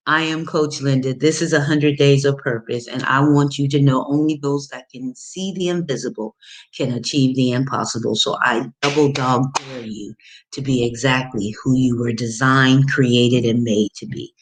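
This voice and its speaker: A woman's voice: a bass voice, steady tone, normal speed. A woman life coach giving an emphatic, preachy motivational talk, repeating phrases and dropping folksy pet names. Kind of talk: motivational video monologue.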